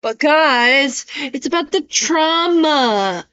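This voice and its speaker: Sarcastic high-voiced woman streamer. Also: lively intonation, extremely slow, a bit bright, dull audio. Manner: sarcastic, blunt, swears freely. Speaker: streamer reacting to a video. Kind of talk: casual reaction stream commentary.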